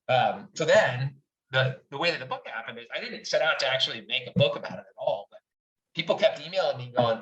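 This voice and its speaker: The recording here is dull, roomy and far from the mic. In it, a middle-aged man who writes about wine talks with brisk, mid-range enthusiasm as an interview guest, being frank and cursing without hesitation.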